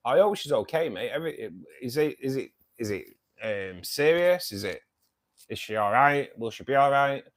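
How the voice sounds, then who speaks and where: A man's voice: medium pitch, lively intonation, moderate pace. A man hosts a casual fishkeeping live stream from home, rambling and bantering with viewers as he greets them. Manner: rambling, chatty, joking banter with many fillers. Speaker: livestream host of a fishkeeping club. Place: at home beside his fish tanks.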